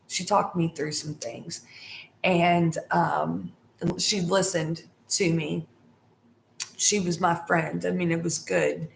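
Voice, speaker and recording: Full of fillers and restarts, a middle-aged woman who runs a tarot vlog rambles through a story for her viewers. She has a lowish, gravelly voice, and the room echoes with a faint hiss in the background.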